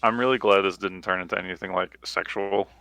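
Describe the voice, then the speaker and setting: A man co-hosting a podcast, recapping an old wrestling episode in relaxed chat with many filler words and dry quips. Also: low-pitched, brisk, dry recording. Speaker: podcast co-host.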